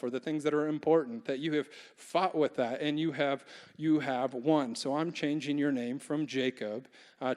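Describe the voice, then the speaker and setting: A man's voice: mid-range voice, a little mellow. A young adult man preaching a casual, humorous sermon as a pastor, often asking the congregation questions. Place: large church hall. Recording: long church reverb.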